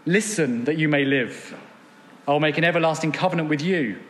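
Man, preacher, earnest sermon, rhetorical questions, higher pitch, hall reverb. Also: a little fast, a bit bright. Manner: earnest, asks rhetorical questions, reads scripture aloud. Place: church gathering room.

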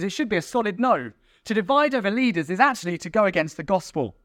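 A man preaching an evening sermon in a high, lively voice that rises and falls a great deal. He talks in an animated way and now and then slips into mocking voices for quarrelling churchgoers. The sound is dry and close. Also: no echo.

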